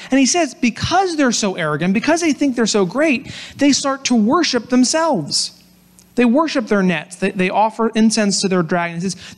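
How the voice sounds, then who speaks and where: A young adult man preaching a sermon, telling the story with lively acted-out quotes. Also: very high-pitched. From Pennsylvania, US. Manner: animated storytelling, acts out quoted voices. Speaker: pastor.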